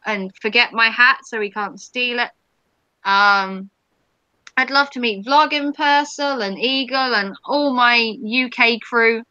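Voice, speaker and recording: A woman's voice: fairly high pitch, sharp tone, clean tone, dry recording, highs cut off. A woman hosting a casual live stream, chatting with viewers and reading their comments in a rambling way with many ums.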